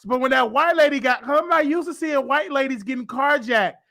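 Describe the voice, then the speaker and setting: A man's voice: extremely high pitch, brisk, creaky, bright, forceful tone. A man hosting a casual comedy talk show, talking in a boastful, over-the-top way. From Chicago. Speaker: show host.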